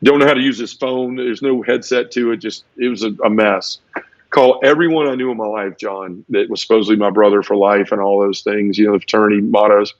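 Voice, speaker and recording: Speaking briskly in a fairly low, fairly even voice, this man gives his personal testimony as a podcast guest, emotional and repetitive, with acted-out sound effects. No room sound is audible, though the podcast audio is dull and lo-fi.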